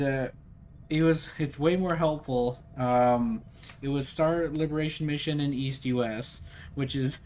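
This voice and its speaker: This gaming streamer has a slightly high voice, with a bit of background noise behind him. He rambles through casual let's-play commentary on a strategy game, thinking aloud and poking fun at himself.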